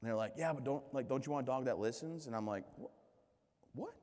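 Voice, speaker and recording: An American keynote speaker with a medium-pitched voice races through a comedic storytelling speech in a reverberant hall. He jokes at his own expense and performs lively quoted voices.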